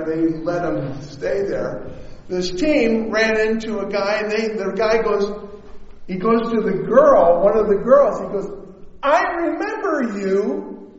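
A man's voice: high-pitched, darkish tone. A man preaching a storytelling sermon, chatty and often checking in with his listeners. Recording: echoey hall, dull lo-fi sound.

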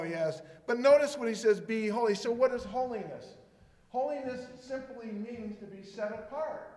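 A man preaching a sermon with animated delivery, swinging between loud emphasis and quiet asides. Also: high voice. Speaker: pastor. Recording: echoey hall with faint room noise.

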